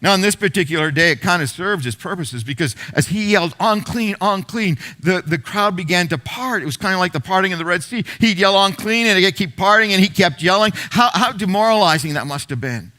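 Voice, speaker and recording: A middle-aged man preaches to his congregation as pastor, retelling a story with repeated phrases for emphasis. His voice sits high and bright. He lets some words fall to a near hush before building back up. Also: lively intonation, a little fast, few pauses. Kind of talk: sermon.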